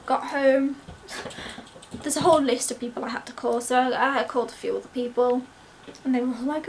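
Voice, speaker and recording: Young woman, high-pitched, excitable storyteller; light background noise. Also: fast. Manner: breathless, gushing, acts out quoted voices. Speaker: vlogger.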